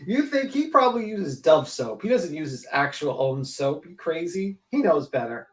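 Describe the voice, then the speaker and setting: A man's voice: a little high, very animated, normal speed. A man on a live online panel, mocking and joking in casual chat. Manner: mocking, joking, riffs in impressions.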